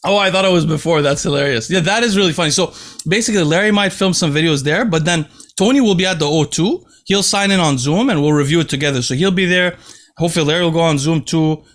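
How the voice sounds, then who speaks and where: A young man hosting a casual podcast chat, animated and laughing as he tells stories. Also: a little high, quick pace. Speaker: podcast host. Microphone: remote call mic.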